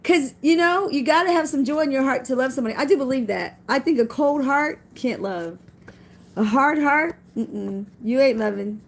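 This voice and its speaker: A woman's voice: high voice, moderate pace. A middle-aged woman giving a casual, folksy spiritual talk to camera, repeating phrases for emphasis and quoting scripture. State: tearful at times. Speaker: vlogger.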